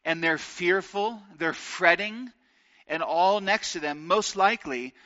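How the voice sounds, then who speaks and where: A man preaching a sermon, earnest and slowing down to stress key phrases. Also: high voice, pushed and bright, lo-fi sound. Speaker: pastor.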